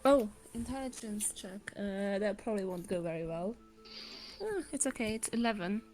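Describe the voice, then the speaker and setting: A woman player at a tabletop game, speaking quietly and hesitantly with stammers. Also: medium pitch, expressive, moderate pace, soft background music, poor audio. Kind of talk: casual chat at a game table.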